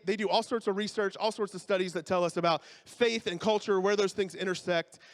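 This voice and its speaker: Man pastor, high voice, casual joking sermon delivery. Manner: conversational, joking asides, checks in with the congregation.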